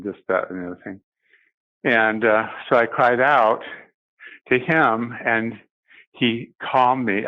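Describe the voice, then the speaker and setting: An older man giving a personal testimony as an interview guest, speaking haltingly with many pauses and restarts. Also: on the low side, phone-quality sound.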